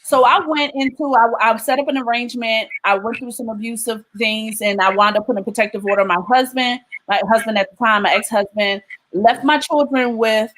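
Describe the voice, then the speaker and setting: A woman's voice: on the high side, brisk, fairly bright tone, poor audio. Woman telling an emotional faith testimony. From Maryland, USA. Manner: emotional storytelling with frequent "um" and "right?". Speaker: person giving a testimony.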